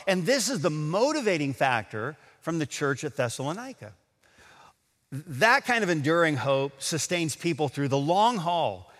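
A man preaching a sermon to a congregation, emphatic, slowing down to stress scripture quotes. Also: high-pitched, fairly bright tone, in a large hall. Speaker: pastor. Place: large auditorium.

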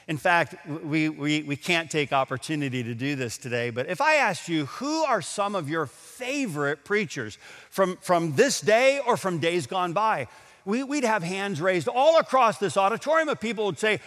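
A man preaching a sermon to a congregation, emphatic, slowing down to stress scripture quotes. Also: on the high side, animated, fairly bright tone, in a large hall. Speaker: pastor. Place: large auditorium.

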